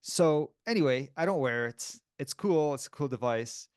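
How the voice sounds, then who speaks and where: A man tells a story on a podcast, mid-pitched and lively, laughing as he goes and slipping into other people's voices. He is close to the mic in a dry room with no echo. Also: normal speed, clean tone. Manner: animated, laughs often, acts out voices in his stories. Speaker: podcast co-host. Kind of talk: casual storytelling chat.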